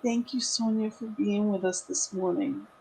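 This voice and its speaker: A woman's voice: medium pitch, fairly even intonation, moderate pace, slightly rough. Woman greeting an online congregation. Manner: warm greetings to viewers by name, gushing. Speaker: spiritual leader hosting an online service. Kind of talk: welcoming service host talk.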